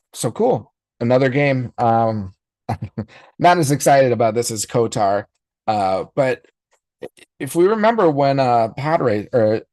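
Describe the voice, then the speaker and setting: A man's voice: lowish voice, a little mellow, no echo. A man in his forties hosting a live podcast reaction stream, talking casually and rambling with frequent fillers. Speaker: podcast host.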